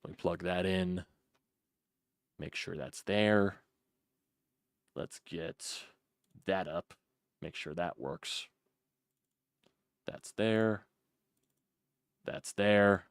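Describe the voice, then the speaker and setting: A man's voice: deep voice, drawn-out words, long pauses, clear, resonant tone, dry recording, clean studio sound. A man hosting a casual fan call-in sports show, frustrated and profane, repeating himself as he talks. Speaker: sports podcast host.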